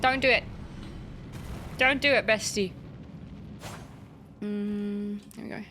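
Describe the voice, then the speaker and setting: A woman's voice: medium pitch, fairly even intonation, slow, pushed and bright, a little hiss or hum. A woman streaming a video game, chatting playfully with her viewers, reading their messages aloud and swearing casually at enemies. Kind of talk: casual gaming livestream commentary.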